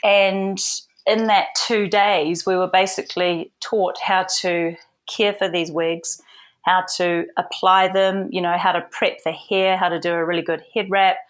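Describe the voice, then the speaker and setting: Chatty low-voiced New woman. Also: level tone, a little slow. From New Zealand. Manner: chatty, frequent "you know" fillers. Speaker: guest, hair and makeup artist. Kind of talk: casual storytelling interview.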